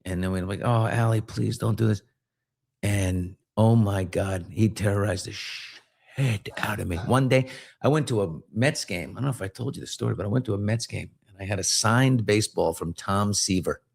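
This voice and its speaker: His pitch is fairly low and creaky, his pace moderate, as this middle-aged podcast host recounts a story in casual chat. He tells it with animation, voicing the characters along the way.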